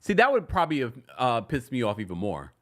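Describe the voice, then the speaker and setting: A man hosting a casual reality TV recap, chatty and animated, with sudden high-pitched exclamations. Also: fast talker. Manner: chatty, many restarts while retelling scenes.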